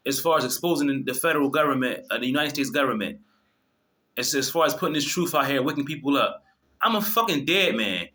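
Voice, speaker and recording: A man's voice: mid-range voice, expressive, brisk, pushed and bright. A man delivering an impassioned, preachy monologue to his viewers, swearing freely and often restarting his sentences. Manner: fervent, preachy, profane, many restarts. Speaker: video host.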